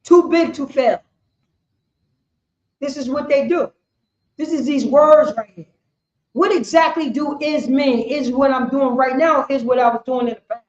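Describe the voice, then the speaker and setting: A man's voice: very high-pitched, measured pace, pauses often. A man giving rambling scripture teaching, constantly asking "you know what I'm saying". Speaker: religious teacher. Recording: echoey room, dull lo-fi sound.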